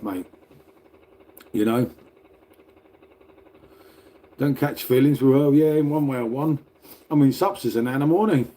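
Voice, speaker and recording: A man's voice: medium pitch, measured pace, pauses often, mellow. A middle-aged man chatting casually on a livestream, rambling, laughing and swearing as he talks to viewers from home. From Britain. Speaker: livestreamer reading chat. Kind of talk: casual live chat. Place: indoors at home next to a radiator.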